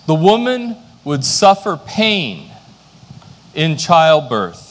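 A man's voice: on the high side, very animated, extremely slow, fairly bright tone. Man preaching a sermon in a reverberant hall. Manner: storytelling with self-deprecating humor. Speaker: pastor.

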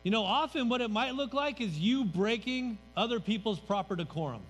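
A man's voice: sits high, lively intonation, a little fast, a bit bright. A man pastor preaching a sermon in a church sanctuary, conversational and emphatic, letting his voice drop at the ends of phrases. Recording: reverberant hall, faint music.

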